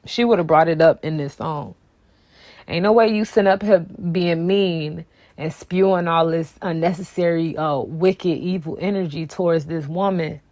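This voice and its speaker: Sassy woman vlogger with a lowish voice. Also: a little mellow, no room sound. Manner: sassy, emphatic, repeats her points. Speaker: music commentary vlogger. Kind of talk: casual reaction commentary.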